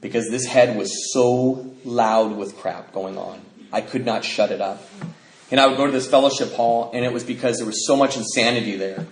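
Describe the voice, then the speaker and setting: A man's voice: medium pitch, normal speed. A middle-aged man from the Pacific Northwest, telling his recovery story to a live audience in a joking, self-mocking way with many fillers. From Bellingham, Washington. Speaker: recovery speaker. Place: convention hall before an audience. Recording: roomy hall, noisy live recording.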